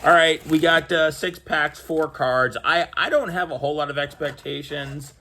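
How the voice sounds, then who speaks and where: A young man with a fairly high voice speaks at normal speed over a little hiss or hum, casually vlogging about opening sports cards. He rambles and tells stories with many fillers and restarts, and gets lively when he retells exchanges.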